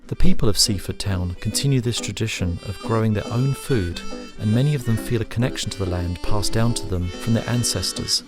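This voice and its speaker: A man reading scripted documentary narration in an even, measured way. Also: lowish voice. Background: guitar and harmonica music.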